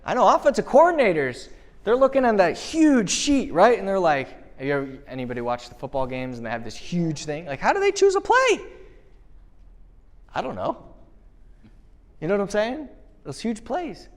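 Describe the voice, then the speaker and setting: A man with a fairly high voice delivers a live motivational keynote, punchy and energetic. He keeps throwing rhetorical questions at the crowd and answering them himself. It is a speech from an event venue. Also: normal speed. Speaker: motivational speaker.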